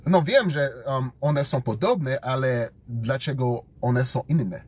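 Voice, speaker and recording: A man studying vocabulary out loud, thinking aloud, repeating words and making up memory tricks in a casual chat. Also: medium pitch, a little slow, slightly rough. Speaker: language learner streaming his study session.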